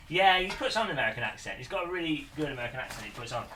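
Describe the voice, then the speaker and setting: A man's voice: fairly high pitch, very animated, fast talker, bright, forceful tone, reverberant. A man streaming live, chatting casually in a bemused, rambling way and laughing often.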